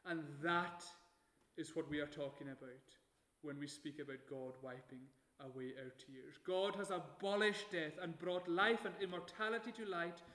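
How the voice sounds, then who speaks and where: A man preaching a sermon, measured and emphatic, slowing down to stress key phrases. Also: a little high, sharp tone, roomy sound.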